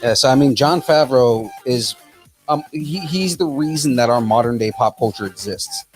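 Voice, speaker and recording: An enthusiastic man giving his opinions in a casual podcast chat. His voice sits at an ordinary pitch and he circles back over his words as he makes a case. Faint music plays behind him. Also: expressive, normal speed. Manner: enthusiastic, opinionated, repeats himself. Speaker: podcast co-host.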